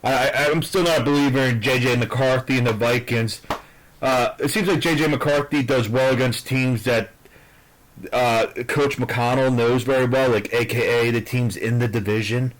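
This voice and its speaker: A man at an ordinary pitch rambles through his football picks. He stops and restarts often and leans on fillers. He is blunt and swears freely. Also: fairly even intonation, moderate pace, poor audio. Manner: hesitant, with many fillers and restarts; blunt and profane. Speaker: vlogger giving football picks. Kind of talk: casual rambling sports predictions.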